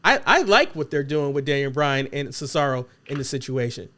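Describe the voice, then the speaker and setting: A man hosting a casual podcast chat, joking and teasing his co-hosts in an animated way. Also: mid-range voice, a little fast. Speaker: podcast host.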